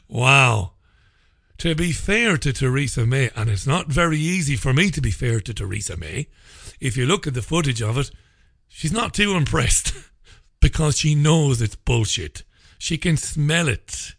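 A man's voice: medium pitch, animated, measured pace, vocal fry, a bit bright, dry recording, clean studio sound. Sarcastic, profane male radio host. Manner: sarcastic, profane, ranting with mocking laughter. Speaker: radio talk show host. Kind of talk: opinionated radio monologue.

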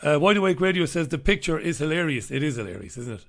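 A man's voice: on the high side, very animated, fast, vocal fry. Chatty man hosting a live stream. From Ireland. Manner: chatty, jokey, greets viewers by name. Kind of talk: casual live-stream chat with viewers.

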